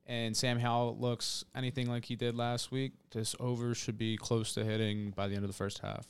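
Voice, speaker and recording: A man co-hosting a casual sports betting podcast, relaxed and offhand. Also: medium pitch, normal speed, clear, resonant tone. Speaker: podcast co-host.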